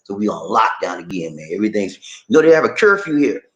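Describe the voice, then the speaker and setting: A man's voice: on the low side, quick pace, reverberant, dull audio. A man from Charleston with a Gullah Geechee accent, hosting a casual live-stream chat from his home and reading viewer comments. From Charleston, South Carolina. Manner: animated, laughs often, reads viewer comments. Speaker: vlog host. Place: home in the Philippines.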